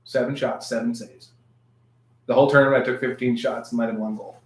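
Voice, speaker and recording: A man's voice: mid-range voice, fairly even intonation, brisk. Man in easygoing banter, echoey room. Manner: rambling, laughs at own stories. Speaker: podcast co-host. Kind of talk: casual chat.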